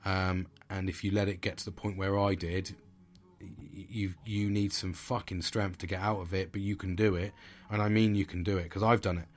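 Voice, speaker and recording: A man's voice: low voice, level tone, normal speed. A man in his forties hosting a casual solo podcast, blunt and reflective, swearing a lot and rambling as he thinks aloud. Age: 40s. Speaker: podcast host. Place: sitting at home.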